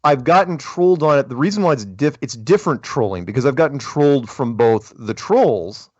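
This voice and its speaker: A man hosting a casual call-in podcast, talking in an animated way with frequent chuckles and restarts. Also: medium pitch, brisk, husky, dry recording, dull audio. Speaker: podcast host.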